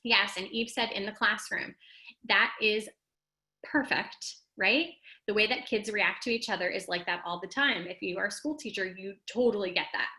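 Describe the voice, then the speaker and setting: A woman hosting a casual motivational talk, speaking straight to her viewers in an animated, emphatic way and reading out their comments. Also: moderate pace, low-quality recording. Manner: animated and emphatic, rising high when making a point; talks straight to the audience and reads out their comments. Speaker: host of a live wellness talk.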